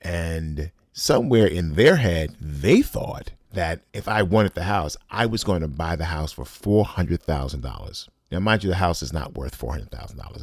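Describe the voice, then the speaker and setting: Deep-voiced man telling a blunt story. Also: no room sound, clean studio sound. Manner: blunt, profane, emphatic. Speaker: podcast host. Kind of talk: personal storytelling monologue.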